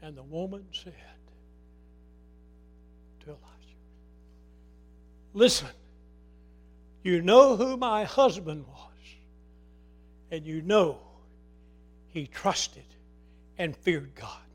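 A middle-aged man preaching a sermon with passion, swinging from loud cries to hushed pleas. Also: high-pitched, lively intonation, very slow, pauses often. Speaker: pastor.

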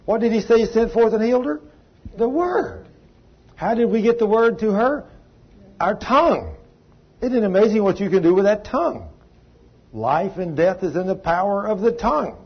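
Folksy preacher, husky, slightly high voice, emphatic, dull lo-fi tape. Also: male voice, animated, a little fast. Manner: folksy and emphatic, with sudden exclamations. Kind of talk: sermon with storytelling.

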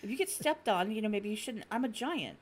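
A middle-aged woman co-hosting a stream, telling blunt, animated stories in casual chat. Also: mid-range voice, fairly quick, a little hiss or hum. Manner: blunt, animated storyteller acting out her cat. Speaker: stream co-host.

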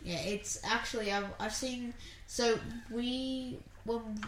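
A woman's voice: fairly high pitch, fairly even intonation, slow pace, a bit bright, slight background noise. A woman co-hosting a podcast, telling stories in a rambling, casual way. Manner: rambling, lots of fillers and restarts. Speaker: podcast co-host. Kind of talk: casual chat. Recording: echoey home room.

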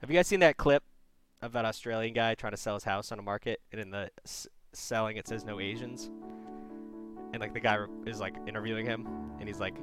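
A man hosting a call-in advice show, blunt and animated, swearing freely. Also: on the low side, brisk, over music. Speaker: advice show host taking calls.

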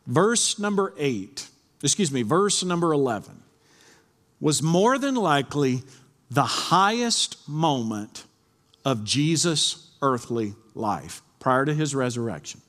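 Pastor, male, lively fairly high voice, earnest sermon delivery, long hall reverb. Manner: earnest preaching, reads scripture aloud.

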